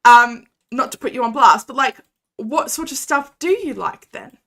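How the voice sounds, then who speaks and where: A young adult woman streaming a game chats casually with her viewers and launches into animated rants. Her voice sits on the high side, at a normal speed.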